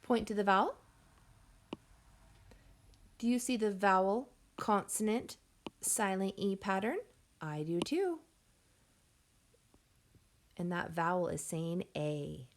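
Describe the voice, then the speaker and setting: A woman teaching a phonics lesson to young children, sounding out words slowly and clearly and encouraging the class. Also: mid-range voice, expressive. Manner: encouraging, addresses class as friends.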